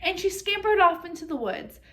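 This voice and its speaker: High-voiced woman reading a storybook aloud. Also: moderate pace. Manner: expressive, asks listeners questions. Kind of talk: children's storybook read-aloud.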